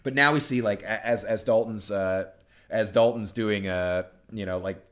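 A man with a very deep voice chats casually on a podcast. He rambles, trips over his words and restarts them, and drops into short acted-out quotes. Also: moderate pace, fairly bright tone. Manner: rambling, restarts sentences, acts out movie lines. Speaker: podcast co-host. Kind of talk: casual chat.

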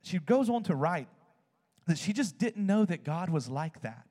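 A man preaching a sermon, telling a story with animated swings in his voice. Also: unhurried, big-room sound. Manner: animated storytelling, swings high when excited.

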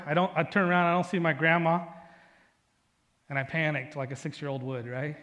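A man preaching a Sunday sermon in a fairly high voice, talking to his congregation like friends and weaving in personal stories. His voice rings out with a long reverb, as in a large church sanctuary. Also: fairly even intonation, brisk, a bit bright, lo-fi sound. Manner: conversational preaching with personal stories and frequent "right?". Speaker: pastor.

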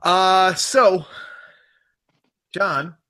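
Bright-voiced easygoing man hosting. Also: high voice, very slow. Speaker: podcast host. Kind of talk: casual chat.

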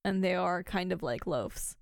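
A woman co-hosting a podcast and recapping an episode in a relaxed, chatty way, with casual asides. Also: lowish voice, a little slow, creaky, clean tone, no room sound, clean studio sound. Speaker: podcast co-host.

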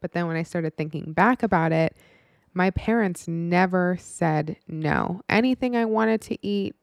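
A woman's voice: lowish voice, a little slow, creaky, no echo, studio quality. A woman in her twenties telling a personal story in a candid, frank, casual way, with some swearing and many "like" fillers.

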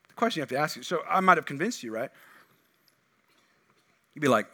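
A middle-aged man preaching a sermon as pastor, animated, swinging between loud emphatic bursts and quiet asides. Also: on the high side, fast, pauses often.

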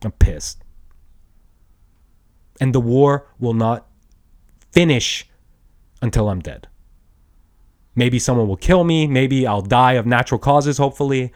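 A man in his thirties, a podcast host, delivering an angry, profane solo rant with shouted bursts. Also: mid-range voice, measured pace, long pauses. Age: 30s.

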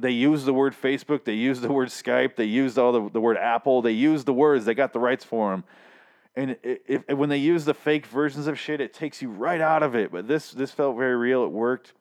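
A man recapping a TV episode into his own microphone in a rambling, profane, sardonic way. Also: medium pitch. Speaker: show recap host. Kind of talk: casual TV recap monologue.

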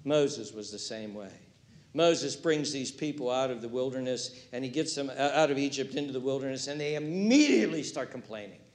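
A man preaching a sermon, animated, acting out quotes and swinging from hushed words to loud ones. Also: mid-range voice, fairly quick. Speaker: pastor.

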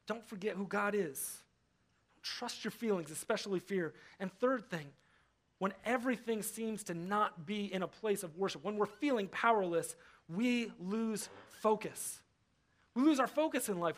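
A young adult man gives a sermon from the front of a church. His voice sits high for a man. He stays animated throughout, playing out other people's voices and repeating words for emphasis. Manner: animated, acts out quoted voices, repeats words when stressing a point. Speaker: pastor. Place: church hall.

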